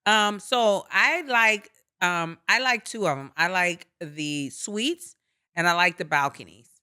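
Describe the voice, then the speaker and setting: Bright, forceful middle-aged woman co-host. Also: fairly low pitch, takes it slowly, smooth. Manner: forceful, opinionated, teasing. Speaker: podcast co-host. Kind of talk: casual chat.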